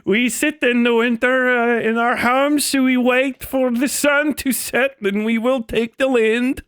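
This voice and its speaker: A man putting on the voice of a patient, menacing mock-Swedish man, speaking in slow, solemn threats. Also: extremely high pitch, steady tone, a bit bright, smooth, dry recording, studio quality, pitched above the performer's own voice. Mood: mock-ominous.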